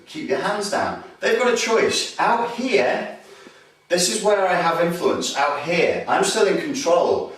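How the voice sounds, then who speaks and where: A man runs a self-defense lesson, slipping into loud, aggressive street-talk impressions between calm explanations. His voice sits a little high for a man. The sound is very echoey and comes from well away from the mic. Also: recorded from a distance. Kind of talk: demonstration lesson. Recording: roomy echo, voice from off-mic.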